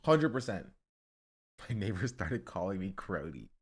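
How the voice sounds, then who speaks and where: A man's voice: big pitch swings, measured pace, breathy edge. A man streaming live, chatting with his viewers and working up joking mock rants. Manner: joking, ranting bits that build in volume and pitch. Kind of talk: casual live-stream chat.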